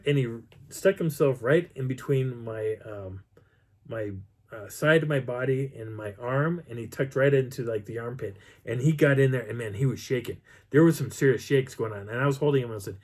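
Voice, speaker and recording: A man's voice: medium pitch, moderate pace. A man casually telling a personal story and acting out the sounds and voices as he goes. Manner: animated, acts out sounds and voices. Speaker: channel host.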